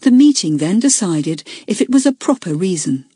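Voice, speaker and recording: Breathy woman reading a children's audiobook. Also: medium pitch, big pitch swings, warm tone, dry recording. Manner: clear, measured storytelling. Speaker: audiobook narrator. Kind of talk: scripted audiobook narration.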